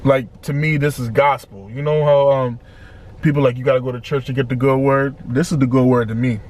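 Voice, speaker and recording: A man's voice: medium pitch, a little fast. A man hosting a casual album reaction, reading out lyrics and talking through them with repeated words and restarts. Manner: animated, quotes lyrics, often repeats himself. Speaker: reaction channel host.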